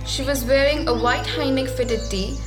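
A woman with a notably high voice reads scripted narration for an audio drama at a measured storytelling pace. Faint music runs beneath her. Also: fairly even intonation.

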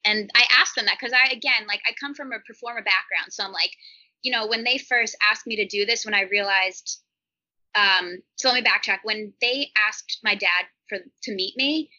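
A woman's voice: medium pitch, moderate pace, pushed and bright, lo-fi sound. A woman in her thirties, a podcast interview guest, telling stories in a rambling, chatty way with many "like" fillers.

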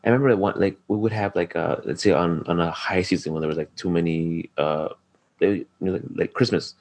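A man's voice: sits low, brisk, darkish tone. A man in casual chat, telling rambling, profane stories and acting out what people said. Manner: rambling, profane storytelling with acted-out quotes.

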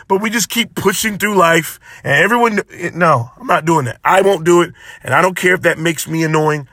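A man's voice: a little high, fairly quick, hardly any pauses, pushed and bright, no room sound, studio quality. A man hosting his own podcast alone, talking in an impassioned, preachy way and repeating phrases for emphasis. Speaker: podcast host. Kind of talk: solo motivational podcast talk.

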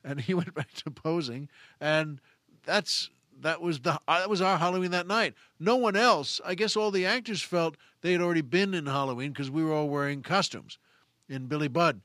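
A man hosts his own show and tells a long, rambling story, often chuckling and restarting his sentences. His voice sits a little high. The sound is dry and close, with no room echo. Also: moderate pace, fairly bright tone. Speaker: podcast host. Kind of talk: casual storytelling monologue.

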